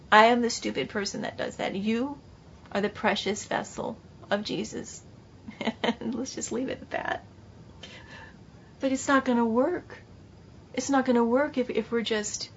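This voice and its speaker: A woman's voice: mid-range voice, slight background noise. A woman Bible teacher giving an emphatic, repetitive sermon-style class. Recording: dull lo-fi recording.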